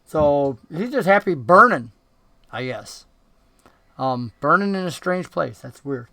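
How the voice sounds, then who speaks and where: A man's voice: on the high side, expressive, takes it slowly, vocal fry, bright, forceful tone, no echo. A man narrating as dungeon master in a tabletop game, describing scenes in a casual way with many fillers.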